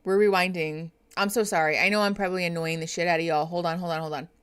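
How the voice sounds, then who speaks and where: A woman's voice: fairly low pitch, steady tone, fast talker, a bit bright, clean tone. A woman therapist hosting a live reaction stream, chatting casually with her viewers and laughing often. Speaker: therapist and livestream host.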